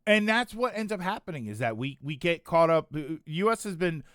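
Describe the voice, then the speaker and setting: Casual male streamer, higher-pitched, meandering and self-correcting delivery, dry close mic. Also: lively intonation, a little fast, fairly bright tone, smooth, no room sound. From United States. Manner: rambling, self-correcting, chuckling asides. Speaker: streamer chatting with viewers. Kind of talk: casual chat reading chat comments.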